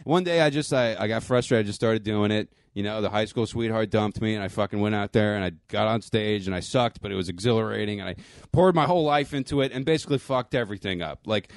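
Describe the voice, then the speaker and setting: A young man, a stand-up comedian hosting a podcast, telling stories casually in a profane, self-deprecating, energetic way. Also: on the low side, fast talker, dry recording.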